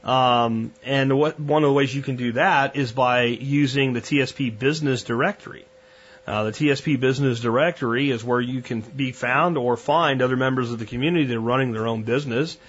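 A man's voice: mid-range voice, brisk, lo-fi sound. A man hosting a podcast, talking bluntly and conversationally with frequent restarts. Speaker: podcast host. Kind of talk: casual monologue.

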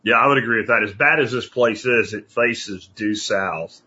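A man hosting a podcast, chatting casually with rambling, animated asides. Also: fairly low pitch, normal speed, husky. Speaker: podcast host. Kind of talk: casual interview chat. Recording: dull lo-fi audio.

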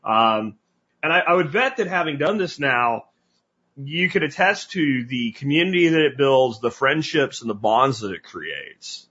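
A man hosting a podcast interview, talking in a blunt, animated, casual way with some cursing. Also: medium pitch, measured pace, slightly rough, highs cut off. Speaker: podcast host.

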